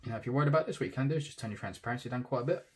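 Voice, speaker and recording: A man, casually talking through a digital tattoo drawing in real time, thinking aloud and trailing off softly. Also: mid-range voice, very fast, slightly rough.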